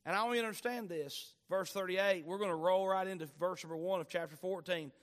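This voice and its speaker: A man preaching a sermon, reading scripture aloud and swinging between loud, animated bursts and hushed asides. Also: high voice, fast talker.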